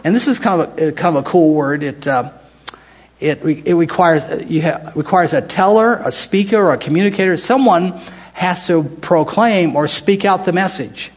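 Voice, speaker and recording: A man's voice: a little high, moderate pace, breathy edge. An older American man leading a Bible study, talking conversationally, restarting phrases and putting questions to the group. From United States. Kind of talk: casual Bible teaching to a group.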